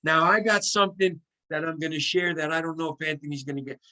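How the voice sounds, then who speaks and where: A man giving an excitable, coaching sales training talk over a video call, acting out sample phone calls as he goes. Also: fairly high pitch, fast talker, rough recording. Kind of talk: motivational team training talk.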